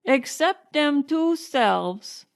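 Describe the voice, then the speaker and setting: A woman's voice: high-pitched, lively intonation, drawn-out words, vocal fry, pitched above the performer's own voice, heavily acted. A woman voicing a blunt old male coachman with a British accent and rustic grammar. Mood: gruff.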